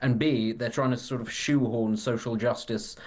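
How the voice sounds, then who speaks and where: A man's voice: medium pitch, steady tone, moderate pace. A man appearing as a commentator guest on talk radio, wry and articulate.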